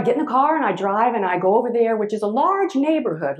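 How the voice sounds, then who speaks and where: Expressive woman telling a story. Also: on the high side, slight background noise. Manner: expressive, swings between loud and hushed; halting, with restarts. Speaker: motivational speaker. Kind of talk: storytelling talk to a live audience.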